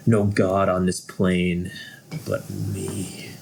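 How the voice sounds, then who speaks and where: A man's voice: deep voice, flat delivery, drawn-out words, background noise, heavily acted. A man voicing a menacing would-be god sorcerer. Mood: tempting. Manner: smooth, persuasive, menacing. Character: power-hungry male sorcerer claiming godhood.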